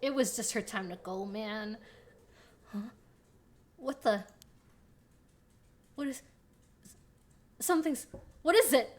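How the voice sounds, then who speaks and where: Her voice on the high side and animated, a woman streaming a horror game speaks slowly, leaving long pauses. She reads the game's dialogue aloud, reacting dramatically with hushed whispers and sudden yelps.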